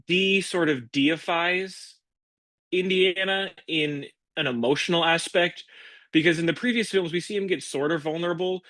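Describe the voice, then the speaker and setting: Man, film podcast chat, bright tense voice, dry close sound, hesitant. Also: a little high, dry recording. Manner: searching, filler-heavy, builds his points slowly. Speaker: podcast co-host. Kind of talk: casual film discussion.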